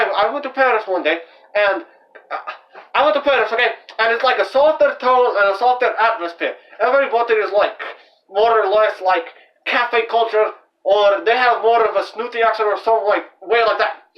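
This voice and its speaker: A young man with a high, light voice talks through a casual language explainer, rambling and circling back with lots of fillers. He sounds set back from the mic, and the recording is dull and lo-fi, like a homemade video. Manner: rambling, filler-heavy, loose and unscripted. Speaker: channel host. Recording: dull, distant lo-fi home recording.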